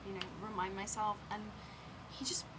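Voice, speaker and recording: A young woman, an actress, chatting quickly and gushingly in a press interview. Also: mid-range voice, little pitch movement. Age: young adult. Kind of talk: casual press-junket chat. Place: hotel room at a press junket. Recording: noisy room ambience.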